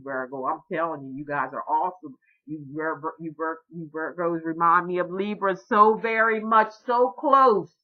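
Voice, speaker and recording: A woman doing a tarot reading for her viewers, talking in an excited, encouraging way and repeating herself often. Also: fairly low pitch, dull audio. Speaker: tarot reader.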